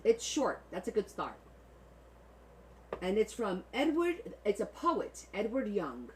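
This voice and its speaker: A woman's voice: medium pitch, slow, slight background noise, low-quality recording. A woman with a New Jersey accent, hosting a casual livestream and joking with her viewers. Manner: animated and joking, chatting with viewers. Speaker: livestream host.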